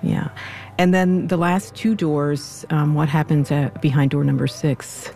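A man's voice: on the high side, steady tone, unhurried, gravelly, a little mellow, soft background music. A man hosting an interview, guiding the talk with clarifying questions for listeners. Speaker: interview host. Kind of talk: conversational interview.

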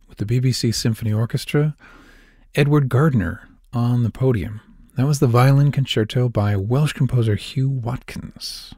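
A male classical radio announcer with a mid-pitched voice speaks in an easy, conversational tone. The sound is close and dry, like a studio booth with no room echo. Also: normal speed, a little mellow.

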